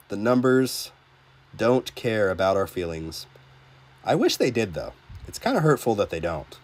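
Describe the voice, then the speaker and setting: A lowish, sing-song male voice at a measured pace belongs to a gaming livestreamer on a casual stream. He jokes around while reading viewer comments aloud, frequently restarting what he says.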